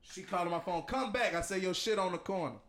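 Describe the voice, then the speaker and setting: A man telling a story in casual, profane chat, loud and animated, breaking into laughter. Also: sits high, fast talker, a crowd in the background. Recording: roomy echo.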